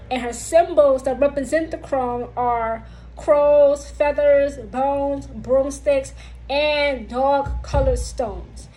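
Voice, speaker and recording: A woman's voice: high voice, darkish tone, slight background noise, rough recording. A woman vlogger teaching witchcraft lore in a casual, emphatic way, repeating her points to viewers. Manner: repetitive, slow and emphatic, talks directly to viewers.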